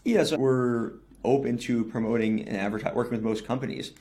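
A man's voice: medium pitch, steady tone, fairly quick, mellow. A young man, a company founder, giving fluent, businesslike answers in a podcast interview and often adding "right?". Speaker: newsletter company CEO, guest.

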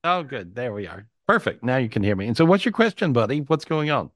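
A man's voice: medium pitch, big pitch swings, a little fast, fairly bright tone, no echo, studio quality. A man hosting a live video call, giving chatty, reassuring psychic readings and often repeating himself. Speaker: psychic host.

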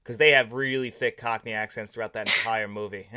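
A man's voice: lowish voice, steady tone, moderate pace, pushed and bright, no room sound, studio quality. A man hosting a podcast in casual chat, enthusiastic, laughing often and swearing casually. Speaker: podcast host.

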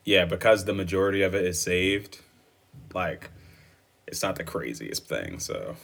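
Young male co-host, bright edgy tone, chatty and upbeat. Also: low voice, big pitch swings, measured pace, gravelly. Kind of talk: casual chat.

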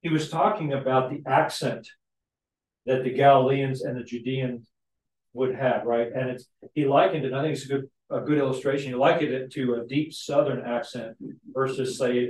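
A man leads a Bible study in a relaxed, chatty way, constantly tossing "right?" to his listeners. His voice sits in a mid range and picks up a lot of room echo. He sounds a few steps back from the microphone. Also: mid-range voice. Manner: frequent tag questions, animated asides. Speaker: Sunday school teacher. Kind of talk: conversational Bible teaching. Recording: echoey room, mic at a distance.

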